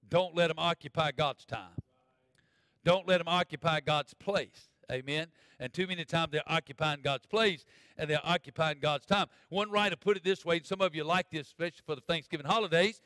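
A man preaching a sermon as pastor, folksy, swinging from loud preaching to quiet asides. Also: on the high side, fairly quick, no room sound. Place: church.

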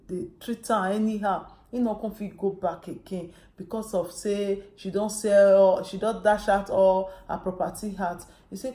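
Woman vlogger, Nigerian Pidgin accent, mellow tone, retells a story with quoted dialogue, roomy echo. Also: mid-range voice. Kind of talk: casual storytelling.

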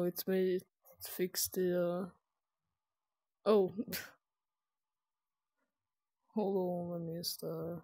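A woman's voice: medium pitch, mellow. A woman streaming live gameplay, casual and profane, muttering to herself as she plays.

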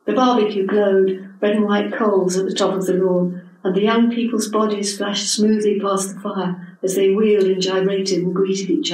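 A woman in her seventies reads her own prose, measured and expressive, at an even middle pitch. The sound is distant and heavily echoed, as from across a hall. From England. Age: 70s. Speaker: author reading her own story. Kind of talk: literary reading. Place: literary event hall.

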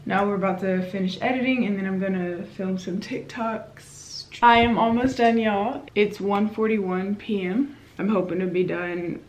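A young woman vlogs her day, talking straight to a handheld camera in a lively, chatty way. Her voice sits at a middle pitch, and steady car and room noise runs under it. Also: moderate pace, hardly any pauses. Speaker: vlogger. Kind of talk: casual vlog chat. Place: at home, then in a car.

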